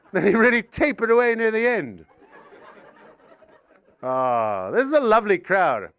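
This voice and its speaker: An older man doing a stand-up comedy set, his high voice leaping up and down wildly. He rambles through absurd tangents, drops to muttered asides, then builds into sweary shouted rants. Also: sing-song, measured pace. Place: live comedy gig in an art gallery.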